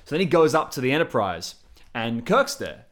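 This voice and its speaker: A man in his thirties, a podcast guest, chatting casually with rambling, profane, animated storytelling. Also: medium pitch, normal speed. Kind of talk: casual chat.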